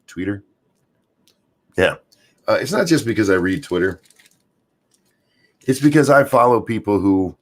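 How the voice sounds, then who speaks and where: A man hosting a casual rant stream, sarcastic and crude, rambling with many fillers, still in his morning voice. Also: fairly low pitch. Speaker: streamer host.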